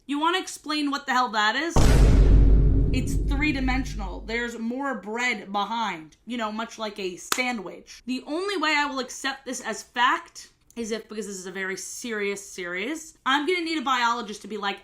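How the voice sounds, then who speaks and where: A woman's voice: fairly high pitch, animated, pushed and bright. A woman in her twenties chatting casually and joking while she does cosplay makeup. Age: 20s. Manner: chatty, joking, quick asides. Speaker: cosplay vlogger.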